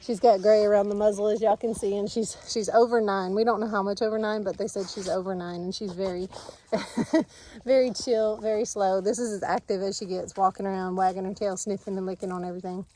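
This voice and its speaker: A woman's voice: medium pitch, steady tone, a little fast, warm tone, low-quality recording. A woman, chatting casually to camera outdoors in her yard, rambling and laughing easily. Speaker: family farm vlogger.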